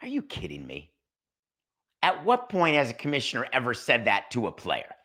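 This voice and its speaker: A middle-aged man hosting a solo sports podcast, talking fast and animated, acting out imagined conversations. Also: mid-range voice. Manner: animated, acts out imagined dialogues. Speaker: podcast host. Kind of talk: solo sports talk monologue.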